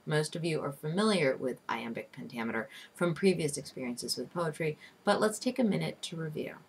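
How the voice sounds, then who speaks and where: A woman instructor giving a recorded online lecture, teaching in a clear, deliberate way and slowing down to stress syllables. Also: low-pitched, lively intonation. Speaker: literature instructor.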